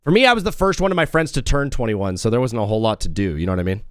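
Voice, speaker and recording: A man's voice: mid-range voice, lively intonation, rapid-fire, dry recording, clean studio sound. A young man hosting a sports talk show, chatting casually, laughing often and acting out his callers. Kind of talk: casual podcast chat.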